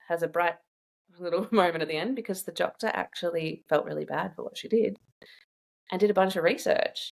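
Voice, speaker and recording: Chatty low-voiced woman telling stories. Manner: chatty, animated storyteller who laughs often. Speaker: guest sharing her own experience. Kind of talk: casual conversational interview.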